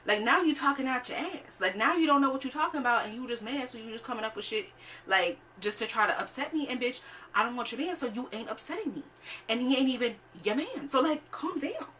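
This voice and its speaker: A young woman vlogger tells a storytime rant in a blunt, sassy way, swearing often and leaning on fillers. Her voice is bright and sharp and sits a bit high for a woman. She is recorded somewhat far from the mic, with a faint noise underneath. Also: animated, quick pace.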